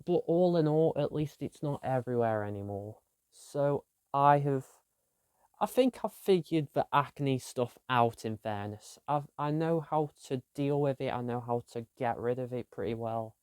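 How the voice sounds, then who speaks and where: Young guy rambling slow about his week, smooth clear voice, dry sound. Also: medium pitch, lively intonation, darkish tone, no room sound. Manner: rambling, self-deprecating, trailing off. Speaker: vlogger. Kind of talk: casual weekly diary vlog.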